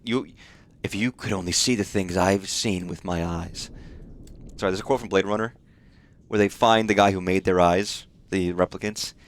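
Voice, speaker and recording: Low-voiced man rambling over gameplay. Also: clear, resonant tone. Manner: rambling, swears often, frequent fillers. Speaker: streamer. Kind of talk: casual live gameplay chat.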